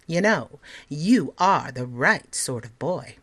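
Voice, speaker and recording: A woman's voice: deep voice, animated, takes it slowly, exaggerated voice. A woman voicing a polite, affable male magic-shop conjurer in a storybook reading, courteous and showy.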